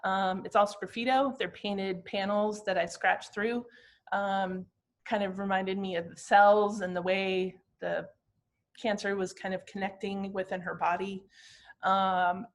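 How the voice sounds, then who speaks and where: Reflective woman in her fifties, halting. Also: medium pitch, steady tone. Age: 50s. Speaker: glass artist presenting her work. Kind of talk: talking through slides of her artwork.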